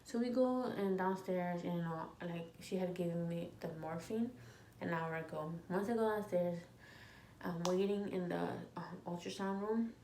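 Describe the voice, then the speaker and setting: A woman in her twenties telling a storytime vlog, animated and swearing freely as she quotes people in her story. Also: on the low side, moderate pace. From United States. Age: 20s. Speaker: vlogger. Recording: echoey room with faint ambient noise.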